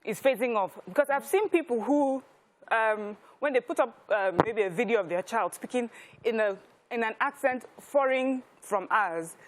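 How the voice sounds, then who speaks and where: A Nigerian woman co-hosting a TV talk show panel, speaking in a thoughtful, measured way and sometimes pausing to search for words. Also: on the high side, expressive, slight background noise. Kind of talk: studio panel discussion.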